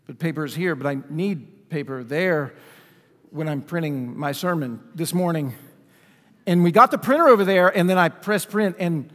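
A man with a high voice preaches to his congregation in a relaxed, conversational way. He keeps asking questions of his listeners. His voice rings out with a long reverb from the church around him. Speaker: pastor. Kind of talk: sermon. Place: church sanctuary.

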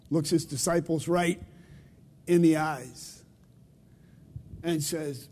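A man preaching a sermon in a relaxed, conversational way, often turning questions back on his listeners. His voice sits high for a man, and he takes his time over the words. The sound carries the long reverb of a large church hall. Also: slow pace, pauses often. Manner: conversational, asks the congregation questions. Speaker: pastor. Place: church sanctuary.

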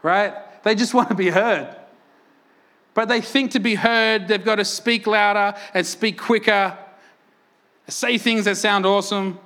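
A man with a high voice preaches to his congregation in a lively, animated way. He fires off rhetorical questions and laughs often between his points. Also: a little slow. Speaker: pastor. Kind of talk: sermon. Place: church.

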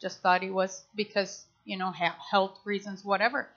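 A woman's voice: medium pitch, little pitch movement, normal speed, fairly bright tone, dull audio. A middle-aged woman pastor preaching a sermon in an impassioned, conversational way, acting out quotes as she goes.

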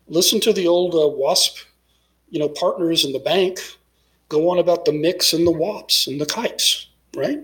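A middle-aged man from Texas holds forth as a guest in a relaxed interview. His voice sits a little high for a man. He thinks out loud, stacking fillers and false starts as he goes. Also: rough recording. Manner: discursive, many fillers and restarts. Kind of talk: casual interview conversation.

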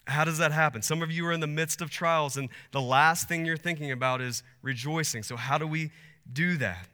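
A man's voice: a little high, brisk, bright, forceful tone, clear, resonant tone. A man in his thirties preaching a sermon as pastor, earnest and building to emphatic peaks. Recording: long hall reverb.

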